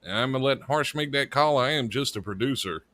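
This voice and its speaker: A man's voice: mid-range voice, brisk, bright, forceful tone. A man co-hosting a live internet radio stream as its producer, rambling and joking with casual swearing. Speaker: producer and co-host.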